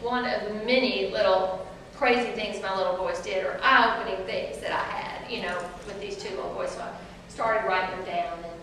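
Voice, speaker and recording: A distant mic in a noisy, echoey room records a Southern US author in her forties giving a storytelling talk to a live audience. Chatty, animated and laughing, she addresses the crowd as "y'all," speaking at normal speed in a medium-pitched voice with hardly any pauses.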